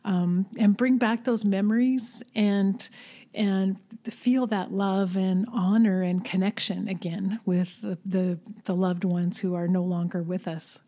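A woman hosts an interview and talks in an earnest, reflective way. Her voice is mid-range, with a warm, mellow tone. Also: medium pitch, steady tone, slow. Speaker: interview host. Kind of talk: interview conversation.

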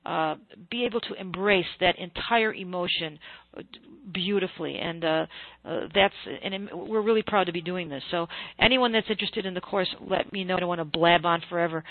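An American woman who works as a celebrant, telling a story with lively emphasis and frequent fillers over a phone-like line. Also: fairly low pitch, fairly quick, no echo. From United States. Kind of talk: storytelling in a casual interview. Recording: tinny phone-like line, dry.

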